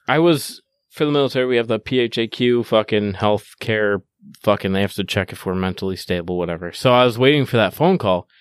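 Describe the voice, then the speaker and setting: A man's voice: lowish voice, clear, resonant tone, no echo. A man co-hosting a podcast, telling stories in a profane, joking way. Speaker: podcast co-host. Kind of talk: casual chat.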